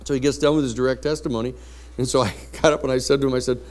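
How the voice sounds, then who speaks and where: Man, lecturer, university classroom, blunt anecdotal storytelling, mid-pitched voice. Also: fairly even intonation, rapid-fire.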